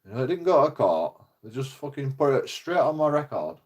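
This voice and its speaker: A man's voice: medium pitch, a little fast, husky, highs cut off. A man, telling a story on his channel in a casual, profane, indignant way. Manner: swearing heavily, animated, indignant. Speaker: channel host.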